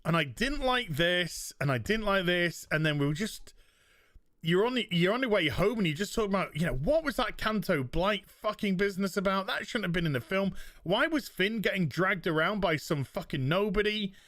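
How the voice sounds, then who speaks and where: A man with a fairly high voice tells a story with lots of energy, swearing and restarting his sentences as he goes. The sound is dry and close, as on a podcast chat. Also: brisk, no echo. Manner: animated storytelling, profane, many restarts. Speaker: podcast co-host. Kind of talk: casual chat.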